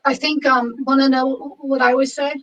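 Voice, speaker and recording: High-voiced woman telling a lively story. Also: moderate pace, recorded from a distance, dull audio. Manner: animated, quotes people in lively voices. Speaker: massage studio owner. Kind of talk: casual storytelling chat.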